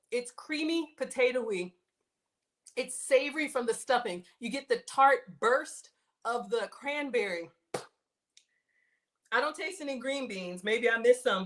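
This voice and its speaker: A woman's voice: on the high side, animated, measured pace, pauses often, fairly bright tone. A woman chatting casually while hosting a live cooking stream, reading viewer comments aloud and laughing often. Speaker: livestream cooking host.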